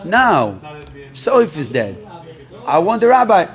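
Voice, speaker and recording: Animated man telling a sermon story. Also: unhurried. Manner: animated retelling, acting out dialogue with big pitch swings. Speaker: rabbi.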